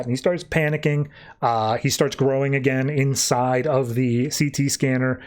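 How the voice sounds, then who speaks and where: Male podcast host, middle pitch, casual comic recap, chatty, filler words. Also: steady tone, normal speed. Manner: retells scenes breezily, with lots of "uh" and "like".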